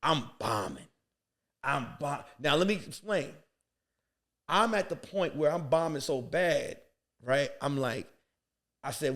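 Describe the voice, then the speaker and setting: A man from Queens, New York, a guest comedian, telling a lively comic story on a podcast and acting out other people's voices. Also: fairly high pitch, unhurried, long pauses.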